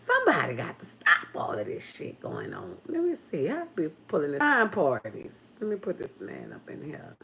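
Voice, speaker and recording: Woman host, casual livestream commentary, loud swooping delivery. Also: normal speed, gravelly, hardly any pauses, slight background noise. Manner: animated, swooping pitch, loud bursts.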